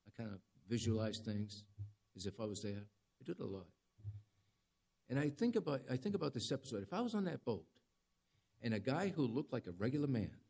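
A man's voice: mid-range voice, creaky, a little mellow, breathy edge. A man preaching a sermon in a conversational, dramatic way, with rising emphasis. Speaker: pastor.

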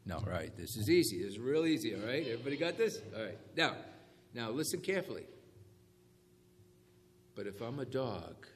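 A man's voice: medium pitch, brisk. A man preaching a sermon, calling for amens and checking that the congregation follows along. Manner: call-and-response, animated emphasis on key phrases. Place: church hall. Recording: echoey hall with faint ambience.

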